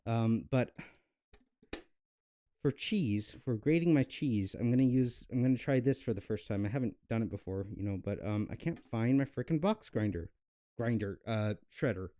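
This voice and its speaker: Young guy cooking and rambling, mellow low-key voice, lots of ums. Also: expressive, normal speed. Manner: rambling, self-mocking, many fillers. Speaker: cooking channel host. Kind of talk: casual cooking vlog chat.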